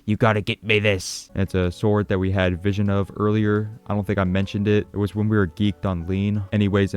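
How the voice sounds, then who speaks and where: A man with a smooth, low voice rattles through a comedic video game recap, sarcastic and crude. He swears constantly and mocks everything on screen. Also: a little mellow. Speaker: gaming video narrator.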